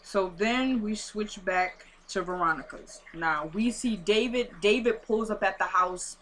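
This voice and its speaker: A woman's voice: mid-range voice, a little slow, fairly bright tone, slight background noise. A woman retelling a TV episode in a casual, chatty recap, acting out scenes through quoted dialogue and talking straight to her viewers. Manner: talks straight to viewers, addressing them as y'all.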